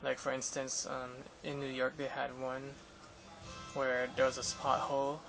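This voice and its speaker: A man's voice: medium pitch, completely flat delivery, measured pace, vocal fry, rough recording. A young man in a casual vlog, recounting an interview with photographers in a rambling way, full of fillers and restarts. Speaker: vlogger. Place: Los Angeles area. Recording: music playing behind.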